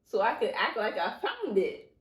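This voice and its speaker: A woman telling a childhood story in casual chat, animated and laughing, acting out voices. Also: mid-range voice, moderate pace. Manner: animated, laughing, acts out voices in her stories. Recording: roomy echo.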